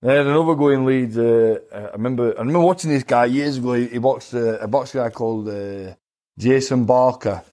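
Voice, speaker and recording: A middle-aged man, a former boxer telling rambling stories in a relaxed interview and often laughing along. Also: medium pitch, fairly quick. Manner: rambling anecdotes with laughing asides. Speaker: boxing guest. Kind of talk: casual storytelling chat.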